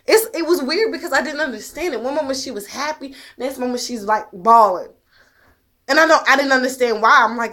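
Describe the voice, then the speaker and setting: A woman's voice: high-pitched, normal speed, pushed and bright. A mother talking straight to the camera in an intense, emphatic way, blunt and swearing, pressing her point with rhetorical questions. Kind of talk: direct-to-camera monologue.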